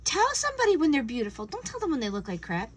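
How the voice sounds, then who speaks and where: A woman giving a casual spiritual tarot reading, earnest and gentle, often acting out imagined conversations. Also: high voice, wildly swooping pitch, fast talker, low-quality recording. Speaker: tarot reader.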